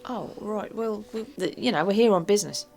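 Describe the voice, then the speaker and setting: A woman's voice: medium pitch, brisk, creaky, a little mellow, faint music behind. A woman with a British accent playing a tabletop game, speaking casually and a little hesitantly. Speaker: player.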